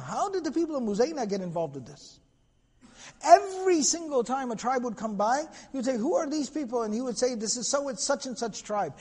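Lecturer, man, higher voice, husky tone, storytelling style, hall reverb. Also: a little mellow. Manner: storytelling with Arabic quotes, casual asides. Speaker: lecturer on prophetic biography. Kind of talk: recorded lecture.

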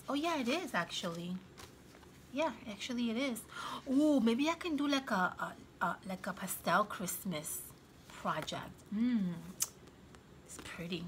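Woman, craft vlogger, excitable and gushing, bright tone, slightly high voice. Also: normal speed, a little hiss or hum. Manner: gushing, excitable, frequent gasps and exclamations. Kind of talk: casual show-and-tell vlog.

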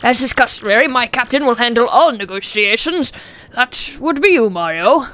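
A woman's voice: fairly high pitch, expressive, normal speed, pushed and bright. A woman voicing a pompous, theatrical male ship owner in a video game playthrough with grand, formal phrasing. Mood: grandiose.

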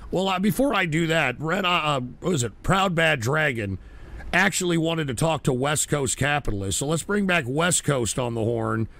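A man hosting a call-in radio show, cursing and erupting into shouting. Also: fairly high pitch, expressive, normal speed, creaky. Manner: explosive, cursing, blows up into shouting.

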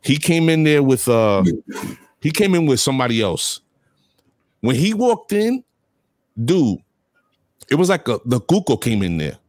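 A man co-hosting a casual chat, his speech halting and full of slang and restarts. His pitch swings in a lively way, and the recording is close and dry. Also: no room sound.

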